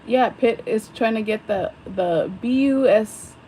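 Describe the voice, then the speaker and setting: A woman's voice: a little high, unhurried, dark tone, slight background noise, poor audio. A young woman chatting casually on a livestream while she does her makeup at home, rambling, laughing often and swearing. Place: home, at a vanity mirror.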